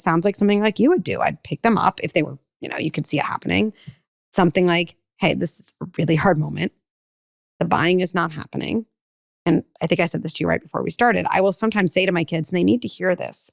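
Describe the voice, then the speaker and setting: A woman talks with a slightly low, gravelly voice, quick and animated, and she jumps into playful voices for kids and parents. The sound is close and dry, with no room around it. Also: dry recording. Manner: fast, animated, acts out kids and parents with voice shifts. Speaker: parenting expert guest. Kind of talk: podcast conversation.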